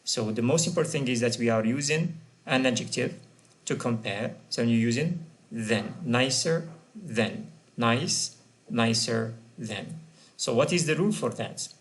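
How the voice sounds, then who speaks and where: A man's voice: medium pitch, unhurried. A man teaching an English grammar lesson, patiently repeating and spelling out example words.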